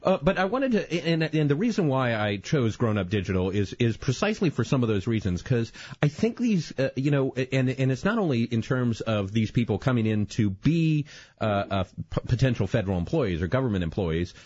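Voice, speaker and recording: A man's voice: medium pitch, sing-song, brisk, a little mellow, husky, no room sound. A man hosting an interview, talking in a hesitant, conversational way with many restarts. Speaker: radio host. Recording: dull, dry lo-fi studio sound.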